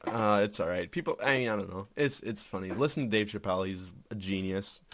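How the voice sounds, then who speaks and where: A young man co-hosts a casual podcast, teasing and laid-back. His voice sits low, and the sound is dry with no room around it. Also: fairly bright tone, no room sound. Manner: laid-back, teasing, drops into quick impressions. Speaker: podcast co-host. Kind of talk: casual chat.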